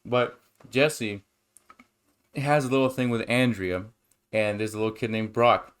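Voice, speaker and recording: A young man co-hosting a casual chat and telling stories in a rambling, excitable, profane way. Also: medium pitch, unhurried, smooth. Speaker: podcast co-host.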